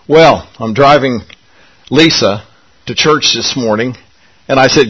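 Husky pastor praying and telling stories. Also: male voice, medium pitch, dull audio. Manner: halting, folksy storytelling with restarts. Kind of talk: sermon and prayer.

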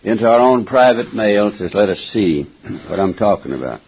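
An older man preaches a folksy, emphatic sermon in a low, gravelly voice with a husky edge. He clears his throat often and goes back over his words. The recording sounds dull and lo-fi. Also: very animated, moderate pace.

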